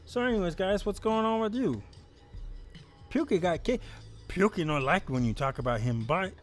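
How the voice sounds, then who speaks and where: A man's voice: sits high, expressive, normal speed, soft background music, pitched above the performer's own voice. A man voicing a grimy, childlike grown man who lives in a dumpster and talks about himself in broken, third-person grammar. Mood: whiny. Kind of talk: improvised comedy voice on a live stream.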